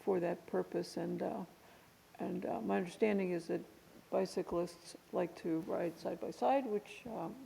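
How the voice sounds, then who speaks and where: Gravelly, flat-voiced woman hearing examiner. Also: lowish voice, a little hiss or hum. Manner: halting, muffled by a cough drop. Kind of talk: formal public hearing. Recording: long reverb in a hearing room.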